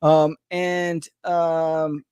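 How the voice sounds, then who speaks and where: A man hosting a casual podcast, upbeat and rambling with plenty of "um" and "uh". His voice sits fairly high for a man. The recording is dry and close, with no room sound. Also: little pitch movement, very slow, darkish tone, clear, resonant tone, dry recording. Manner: upbeat, rambling with many fillers. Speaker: podcast host.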